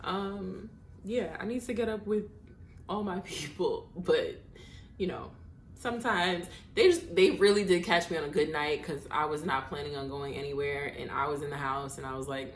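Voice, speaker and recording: A woman hosting her own podcast, telling a casual story with animated, exasperated, swearing asides. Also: deep voice, normal speed, slight background noise. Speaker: podcast host. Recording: echoey room.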